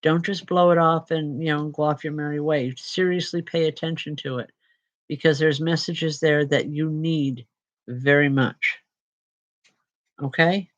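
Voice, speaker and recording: A tired woman medium giving live spirit readings to viewers, chatty and unhurried with frequent restarts. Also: low voice, steady tone, highs cut off.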